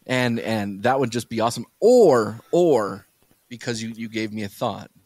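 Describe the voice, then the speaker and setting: A man's voice: mid-range voice, animated, moderate pace, darkish tone, dry recording. A man hosting a podcast, telling rambling stories in a loose, casual way. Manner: rambling storyteller, lots of fillers and restarts. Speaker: podcast host.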